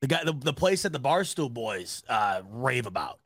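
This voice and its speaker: A man hosting a sports podcast, chatting casually and telling stories in a rambling, animated way. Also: medium pitch, normal speed, no room sound. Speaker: podcast host.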